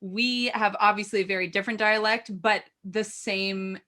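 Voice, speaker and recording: A woman with a Southern Californian accent, co-hosting a casual chat and talking in a chatty, giggly way with drawn-out pauses. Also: mid-range voice, fairly even intonation, bright, forceful tone. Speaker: co-host.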